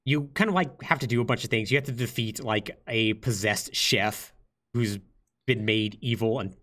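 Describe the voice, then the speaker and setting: A man's voice: lowish voice, normal speed. A young man hosting a podcast, casually retelling a game plot with lots of fillers. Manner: lively, filler-heavy, acts out quotes. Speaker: podcast host.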